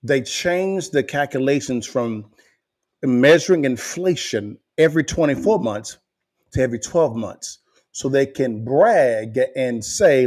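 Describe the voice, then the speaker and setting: A man hosting a podcast, giving animated commentary to viewers and repeating phrases for emphasis. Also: medium pitch, a little slow. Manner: emphatic, repeats phrases, rises to near shouting. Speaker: podcast host.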